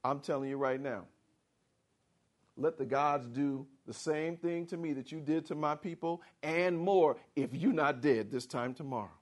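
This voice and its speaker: A man's voice: a little high, steady tone, a little slow, pitched below the performer's own voice, close to an everyday voice. A man voicing a cold, threatening queen. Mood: menacing. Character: vengeful queen, a woman issuing a death threat.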